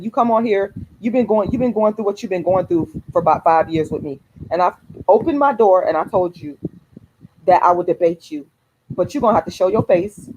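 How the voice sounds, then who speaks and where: A woman talks straight to her livestream viewers at an ordinary pitch, fiery and emphatic. She swears freely and hammers her points home by repeating them. It is a casual but heated chat. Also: darkish tone, slight background noise, rough recording. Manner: addresses viewers directly, repeats phrases for emphasis. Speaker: activist livestream host.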